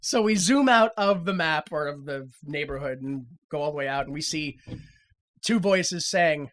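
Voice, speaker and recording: A woman co-hosting a casual podcast, recapping a TV episode and acting out the characters in loud, exaggerated voices. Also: deep voice, animated, normal speed. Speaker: podcast co-host.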